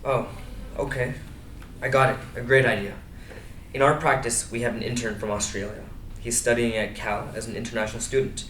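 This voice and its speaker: An awkward, deadpan vet, read by an actor in a table read. His jokes land flat and dry. He sounds far from the mic in a roomy space with faint noise. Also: medium pitch, brisk, close to an everyday voice. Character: awkward, deadpan-joking male veterinarian. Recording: echoey room, distant, faint noise.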